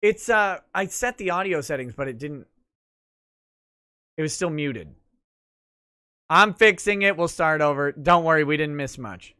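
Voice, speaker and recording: Male livestream host, wry and easygoing, fairly high, bright voice. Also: lively intonation, unhurried, long pauses, smooth. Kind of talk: casual livestream talk show.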